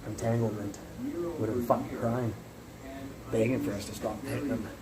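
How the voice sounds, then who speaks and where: A man's voice: mid-range voice, steady tone, moderate pace, over a noisy crowd, poor audio. A man livestreaming from his phone, ranting in a rambling, profane, casual way. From Canada.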